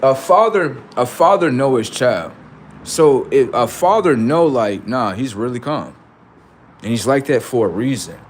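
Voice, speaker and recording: A middle-aged man rambling profanely to his livestream about his kids, acting out what they say in lively quoted voices. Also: mid-range voice, a little slow, a little hiss or hum. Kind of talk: casual monologue to a livestream audience.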